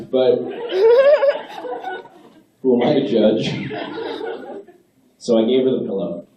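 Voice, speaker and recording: A man's voice: mid-range voice, background noise. A man doing a stand-up routine, ranting with growing exasperation at a live comedy venue. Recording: distant, dull, echoey audience recording. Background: audience laughter.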